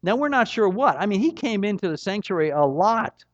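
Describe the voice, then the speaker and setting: A man's voice: high-pitched, very animated, a little fast, no echo. A middle-aged man preaching a sermon, earnest and emphatic, with a rising and falling delivery. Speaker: pastor. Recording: dull, slightly muffled dry recording.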